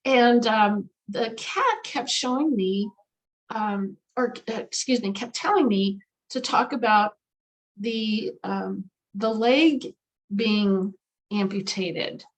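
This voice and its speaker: A woman, a guest animal communicator, telling a story in an interview in an emphatic, lively way with many fillers. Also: medium pitch, slow, poor audio.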